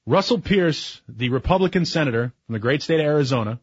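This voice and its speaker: A man's voice: fairly high pitch, expressive, fast, husky, no echo, muffled recording. A man in his forties, a talk radio host, speaking in a sarcastic, opinionated monologue that builds to heated emphasis. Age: 40s. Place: radio studio.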